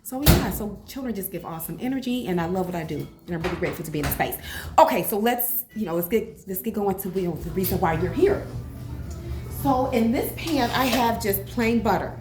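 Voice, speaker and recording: A woman in her forties, a cooking vlogger chatting casually at home with rambling, animated asides. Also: mid-range voice, a little fast, music in the background. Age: 40s. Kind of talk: casual cooking vlog chat. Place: home kitchen. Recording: echoey kitchen, faint room noise.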